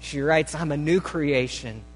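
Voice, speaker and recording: A man preaching a sermon, reading a testimony aloud in the first person with an earnest, dramatic delivery that swells and hushes. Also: fairly high pitch, unhurried, slightly rough. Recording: reverberant hall with faint hum.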